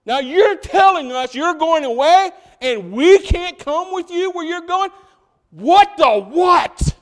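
A man voicing an impulsive, excitable male disciple who protests loudly in a high, strained voice. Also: slow, long reverb tail, heavily acted. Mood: frantic protest. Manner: shouting, protesting, high-pitched.

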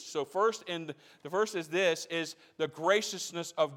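A man's voice: on the high side, normal speed, a bit bright, in a large hall. A man preaching a sermon as pastor, repeating phrases and building in intensity.

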